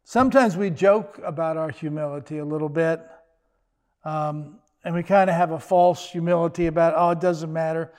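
A man's voice: on the high side, moderate pace. An older man preaching a sermon as pastor, in a conversational style with joking asides.

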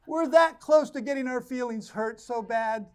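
A man preaching a sermon as pastor, reading scripture and explaining it with animated asides to his congregation. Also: very high voice, moderate pace, clear, resonant tone.

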